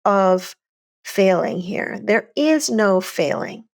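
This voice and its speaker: A middle-aged woman co-hosting a podcast, telling a personal story in an earnest, animated way. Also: mid-range voice, takes it slowly, gravelly. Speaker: podcast co-host.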